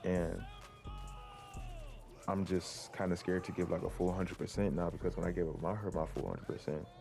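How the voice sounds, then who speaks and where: A man's voice: deep voice, moderate pace, creaky, a little mellow, soft background music. A young man in his teens telling a rambling personal story to his viewers, full of likes and restarts. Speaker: vlogger. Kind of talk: casual storytelling to camera.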